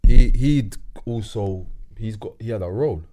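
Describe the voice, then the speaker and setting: A young man with a London accent, a guest telling a story in casual chat, with lots of slang and animated retelling. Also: on the low side, a little slow. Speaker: guest actor.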